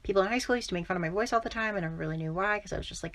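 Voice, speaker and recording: A woman's voice: medium pitch, racing, fairly bright tone. A young woman telling a casual story to camera in a chatty, self-mocking way.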